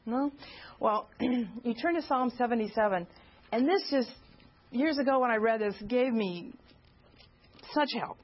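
High-voiced earnest woman at church. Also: unhurried, pauses often, highs cut off. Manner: earnest, asks the audience direct questions. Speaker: speaker at a church gathering. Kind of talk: informal teaching talk.

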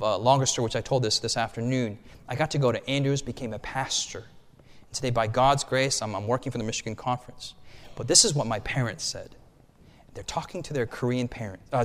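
A male pastor preaching a storytelling sermon, animated and conversational, with frequent restarts and asides. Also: mid-range voice. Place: church hall. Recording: long hall reverb.

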